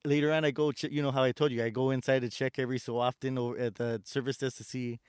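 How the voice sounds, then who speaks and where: Speaking fast in a level, medium-pitched voice that's a little mellow and clean, this store door greeter vents casually about customer service work. He curses and mimics the customers he encounters, in studio-quality audio with no echo.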